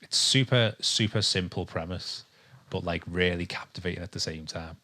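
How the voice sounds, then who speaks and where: A man's voice: deep voice, normal speed, bright, forceful tone. A man from England co-hosting a casual podcast, rambling through his thoughts with lots of ums and restarts. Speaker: podcast co-host. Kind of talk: casual chat. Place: home with a dog nearby.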